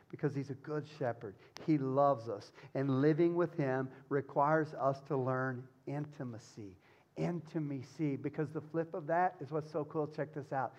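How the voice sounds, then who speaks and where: A man preaching a sermon as pastor, swinging from loud urgency to hushed tenderness. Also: medium pitch, normal speed, highs cut off.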